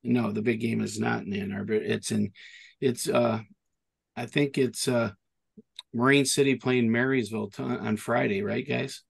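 A middle-aged man from Michigan co-hosts a podcast, telling rambling stories in easy chat. His voice is gravelly, with a husky grain, and he restarts sentences as he builds up to his point. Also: medium pitch, steady tone, moderate pace. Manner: rambling storyteller, restarts often. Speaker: podcast co-host. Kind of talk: casual chat.

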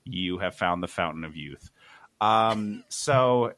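A man on a podcast telling a story casually, animated and exasperated, swearing freely. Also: sits low, slow pace, no echo. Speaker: podcast host.

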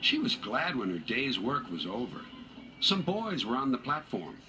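A man reading a children's railway story aloud in an unhurried, expressive storybook manner. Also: medium pitch. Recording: music bed under narration.

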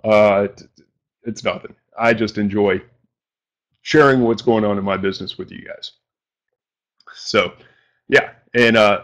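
A man's voice: on the low side, lively intonation, measured pace, pauses often. A man from New England hosting a live-stream show, talking informally with mild slang and self-deprecating asides, at his home desk. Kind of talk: casual live-stream chat. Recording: dull lo-fi stream audio.

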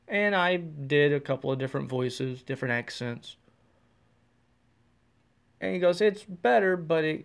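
A man hosting his own casual podcast, rambling and self-deprecating, talking with excitable energy, recorded while in his car. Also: fairly high pitch, creaky. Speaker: podcast host. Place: in a car on the road.

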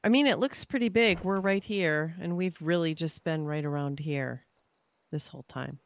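This young woman's voice sits low and moves at a moderate pace as she casually chats through a survival-game stream, thinking out loud while building and thanking viewers. No room sound is audible.

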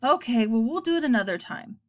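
A woman reading the lines of a calm, patient middle-aged dad in a steady storybook voice. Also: on the high side, fairly quick, lightly acted.

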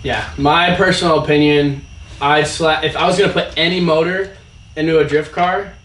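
A young man hosting a casual car podcast, talking excitedly and imitating turbo sounds. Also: on the high side, moderate pace. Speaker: podcast host. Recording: echoey room, mic far off, faint noise.

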